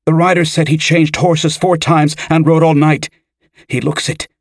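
Guy putting on a frantic teen boy servant, voice way up high, loud, dry sound. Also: little pitch movement, normal speed, dry recording, natural voice. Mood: urgent. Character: teenage boy servant, anxious and urgent.

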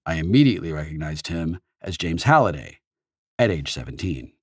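A man narrating an audiobook in the first person with expressive storytelling. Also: rumbling low, brisk, slightly rough, no echo.

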